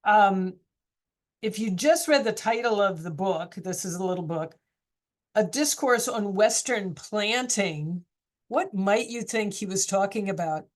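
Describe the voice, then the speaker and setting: A woman's voice: mid-range voice, lively intonation, unhurried. Chatty woman teacher leading a class. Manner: chatty, encouraging, asks questions. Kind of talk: casual class discussion.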